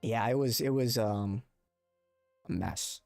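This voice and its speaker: A man's voice: mid-range voice, slow pace, creaky, a little mellow, no room sound, soft background music. A young man hosting a casual livestream, rambling and swearing as he chats with viewers into a desk mic. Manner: rambling, profane, talks to chat. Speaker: livestream host. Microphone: desk microphone with compressor.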